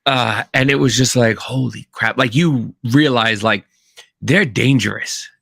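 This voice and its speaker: A man's voice: mid-range voice, unhurried, vocal fry, pushed and bright, no room sound, clean studio sound. A man co-hosting a podcast, telling rambling stories in casual chat, full of restarts and fillers. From Kansas. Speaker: podcast co-host.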